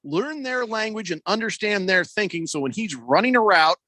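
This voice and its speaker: Man, sports radio host, high voice, very animated, jokey wordplay, dry studio sound. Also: moderate pace, dry recording. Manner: playful, riffing on wordplay. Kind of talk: casual sports talk.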